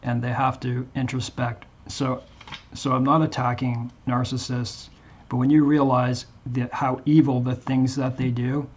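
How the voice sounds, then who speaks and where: Man, Christian channel host, earnest halting talk, monotone delivery, dull muffled sound. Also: medium pitch, breathy edge. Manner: halting, earnest, with repeated restarts. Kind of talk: earnest casual monologue to viewers.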